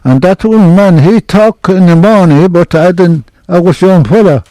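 An older man telling an oral history hunting story in halting, broken English, with many restarts. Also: high-pitched, mellow, no echo, low-quality recording. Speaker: interviewee.

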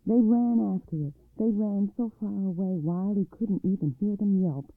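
A man reading a folktale aloud, expressive, shifting his pitch and volume. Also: normal speed, no room sound. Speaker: storyteller. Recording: dry tinny phone-like line.

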